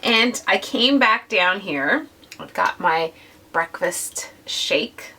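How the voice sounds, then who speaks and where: A woman's voice: medium pitch, expressive, takes it slowly, bright, forceful tone, distant mic, slight background noise. A woman with a slightly nasal voice from a cold, chatting casually to viewers while she works on a scrapbook page. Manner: chatty and gushing, addresses viewers directly. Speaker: scrapbooking vlogger. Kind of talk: casual craft process narration.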